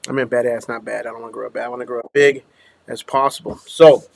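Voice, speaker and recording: A man's voice: mid-range voice, fairly even intonation, fast talker, vocal fry, dry recording. A man from Minnesota who runs a dumpster rental business, chatting casually on a livestream, greeting viewers by name and trailing off into mumbles. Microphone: small clip-on microphone.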